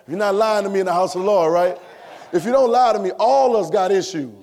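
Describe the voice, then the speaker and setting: A man preaching a sermon in church, repeating phrases and building to shouts. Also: high-pitched, fast talker, slight background noise. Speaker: pastor. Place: church sanctuary.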